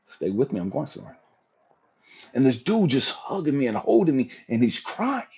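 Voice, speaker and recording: A man's voice: mid-range voice, sing-song, moderate pace, gravelly, a little mellow, husky, muffled recording. A man hosting a livestream, telling an emotional personal testimony in a raw, profane storytelling manner. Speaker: livestream host.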